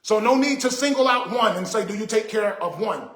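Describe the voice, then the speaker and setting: A man's voice: high-pitched, fairly quick, a bit bright, echoey room. A man hosting a casual livestream, talking to viewers in an emphatic, repetitive, indignant way. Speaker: livestream host.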